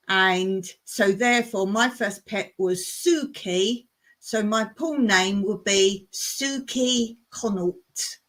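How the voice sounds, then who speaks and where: Slow, chatty woman hosting a live chat. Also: medium pitch, fairly bright tone. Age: older. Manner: chatty, laughs often, reads viewer comments aloud. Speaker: live stream host. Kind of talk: casual live chat reading comments.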